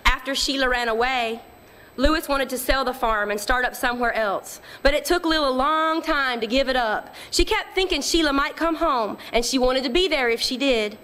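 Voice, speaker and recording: A woman narrating literary fiction in a measured, quiet storytelling manner. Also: high voice, smooth. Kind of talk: audiobook reading of literary fiction.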